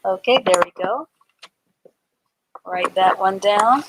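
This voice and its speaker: A woman's voice: mid-range voice, takes it slowly, background noise. A woman teaching a live online reading class, patiently sounding out words letter by letter and praising her students.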